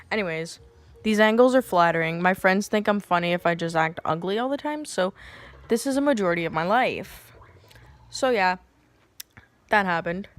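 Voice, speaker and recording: Young woman ranting on her vlog, sassy and swears a lot, talks into her phone at home. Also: mid-range voice. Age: young adult. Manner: profane, sassy, animated storytelling. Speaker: vlogger. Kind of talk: casual storytime vlog.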